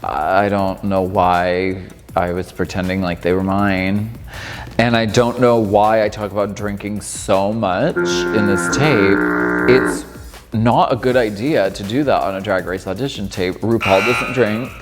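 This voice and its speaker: Man, 30s, chatty and amused; low voice, reverberant room with light music. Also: fairly even intonation, measured pace. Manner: chatty, amused, lots of filler "like". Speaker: drag performer reacting to old footage. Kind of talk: casual reaction commentary.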